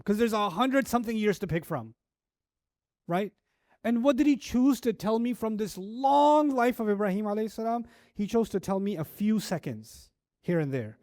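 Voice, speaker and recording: A man's voice: sits high, a little mellow, no echo, clean studio sound. A man teaching a Quran lecture, telling stories with animation and asking many rhetorical questions. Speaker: Islamic teacher.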